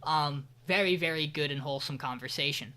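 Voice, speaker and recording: A man's voice: fairly high pitch, a little fast, sharp tone. A man co-hosting a podcast, recapping an anime in casual chat with rambling, profane, sarcastic asides. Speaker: podcast co-host.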